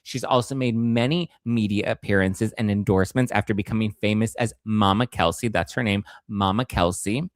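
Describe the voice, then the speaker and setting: A male host giving sarcastic, animated commentary on celebrity news, at times jumping into high squeals. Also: normal speed, few pauses, no echo, clean studio sound. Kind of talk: casual commentary.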